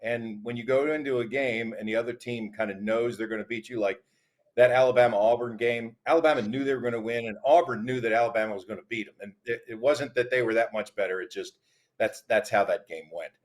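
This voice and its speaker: A man on a sports talk panel, telling stories in a relaxed conversational way. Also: mid-range voice, fast talker. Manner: storytelling, conversational.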